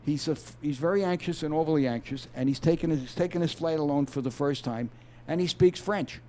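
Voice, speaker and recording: Mellow-voiced man explaining at ease. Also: fairly high pitch, brisk, a little hiss or hum. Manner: easygoing, explanatory, with frequent restarts. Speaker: author and former police detective. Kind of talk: interview guest, reading aloud from his novel. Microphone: video call.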